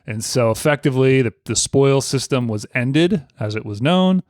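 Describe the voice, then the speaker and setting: A man's voice: medium pitch, expressive, normal speed, few pauses, darkish tone, no echo. Man reading history notes, dry sound. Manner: reads from notes, laughs between points. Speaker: podcast co-host. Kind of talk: casual history podcast chat.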